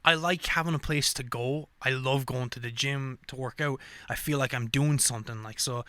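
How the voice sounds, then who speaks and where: A man's voice: mid-range voice, moderate pace, dry recording. A man hosting a podcast, talking in a loose, profane, rambling rant with lots of fillers. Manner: profane, animated rants with frequent fillers. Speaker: podcast host. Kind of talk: casual ranting monologue.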